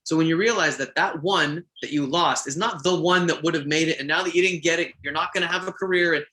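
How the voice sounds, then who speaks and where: A man from Quebec chats through an interview, giving earnest, encouraging advice. His voice sits a little high and sounds bright and forceful. He restarts his sentences often as he thinks aloud. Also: quick pace. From Quebec, Canada. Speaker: voice actor guest. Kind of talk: casual interview chat.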